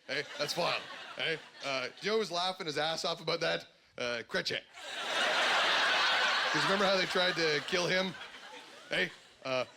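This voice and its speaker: Canadian male stand-up, rambling and animated, voice a touch high. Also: background noise. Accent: Canadian English. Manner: rambling, animated storytelling with frequent filler ums and outbursts. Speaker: stand-up comedian. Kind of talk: stand-up comedy set. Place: comedy club stage.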